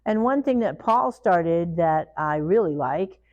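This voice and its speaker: Trainer, middle-aged woman, animated lecture to a room, acts out quotes. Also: on the low side, unhurried, muffled recording. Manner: animated, acts out parents and children in quoted voices. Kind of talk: training talk to a live group.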